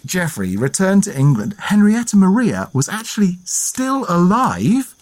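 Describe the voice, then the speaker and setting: A man co-hosting a podcast, telling history and folklore stories in a lively, playful way. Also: high voice, a little slow. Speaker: podcast co-host. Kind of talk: storytelling history chat.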